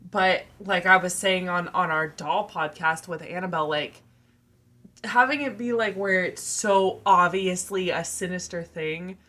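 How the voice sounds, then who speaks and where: A woman's voice: fairly low pitch, measured pace, sharp tone, slight background noise. A woman co-hosting a podcast in casual chat, chatty and full of fillers. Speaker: podcast co-host.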